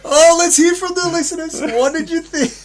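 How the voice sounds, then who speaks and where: A man's voice: very high-pitched, fairly even intonation, normal speed, a little hiss or hum. An Australian man hosting a podcast, firing off dry teasing quips in casual banter. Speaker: podcast host.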